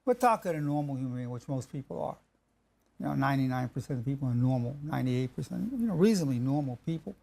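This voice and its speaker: Emphatic man with a gravelly voice. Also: medium pitch, expressive, dark tone. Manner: emphatic, repeats key phrases slowly; halting restarts mid-sentence. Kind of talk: spoken lecture on marriage.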